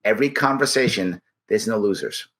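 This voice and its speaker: A man's voice: fairly low pitch, a little fast, a bit bright. A man speaking as an interview guest, emphatic and punchy, repeating key words for effect. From United States. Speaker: guest, political activist. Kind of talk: persuasive interview talk.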